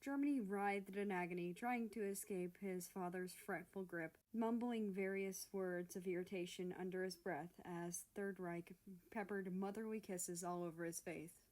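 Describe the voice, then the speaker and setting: A woman narrating a fan fiction story in a steady storytelling manner. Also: on the low side, normal speed.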